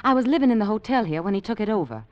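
A woman's voice: mid-range voice, sing-song, very fast, no echo, close to an everyday voice. An actress playing a practical, scheming young woman from Virginia, talking in an urgent, persuasive way. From Virginia, United States. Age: young adult. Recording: dull lo-fi old film sound.

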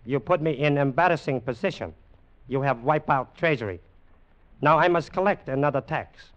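An actor playing a menacing, domineering warlord general, speaking clipped broken English with a contemptuous manner. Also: male voice, on the high side, moderate pace, a bit bright, lightly acted. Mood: gruff, scornful. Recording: dull lo-fi old film sound with faint hiss.

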